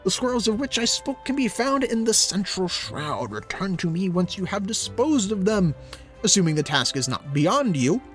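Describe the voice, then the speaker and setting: A man's voice: sing-song, normal speed, a bit bright, faint music behind. A man doing a pompous guild official. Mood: condescending. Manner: pompous, lofty, swinging pitch.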